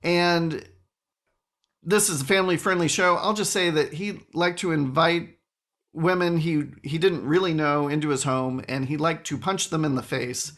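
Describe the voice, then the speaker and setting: A man's voice: a little high, steady tone, normal speed, fairly bright tone. A man hosting a solo podcast, chatting in a wry, rambling way with frequent asides. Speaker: podcast host.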